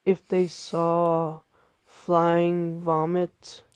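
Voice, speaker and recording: Flat-toned cheerful text-to-speech voice. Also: mid-range voice, extremely slow, clear, resonant tone, no room sound. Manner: cheerful and tidy, reacts with "haha" and plays along with every idea. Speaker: AI chatbot conversation partner. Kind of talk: scripted-sounding chatbot replies.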